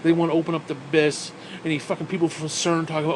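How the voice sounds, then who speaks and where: A man rants angrily to camera, swearing nonstop and dripping with sarcasm. His voice sits somewhat high for a man. A faint hum of background noise lingers behind him. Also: little pitch movement, fast. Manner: angry, swearing constantly, sarcastic. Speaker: vlogger. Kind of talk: profane ranting monologue.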